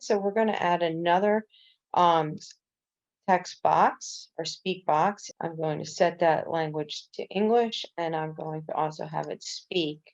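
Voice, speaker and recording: Speaking in a low, slightly mellow voice, a woman who teaches coding guides viewers through a screen-recorded tutorial one step at a time. Casual fillers pepper her explanation, captured on a dull, lo-fi recording.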